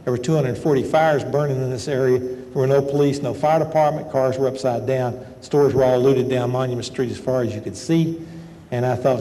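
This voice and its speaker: Gravelly older male lecturer. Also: medium pitch, fairly even intonation, fairly quick, dark tone. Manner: folksy, conversational storytelling. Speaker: medical school professor. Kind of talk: lecture with personal stories. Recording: lecture hall with long reverb and faint noise.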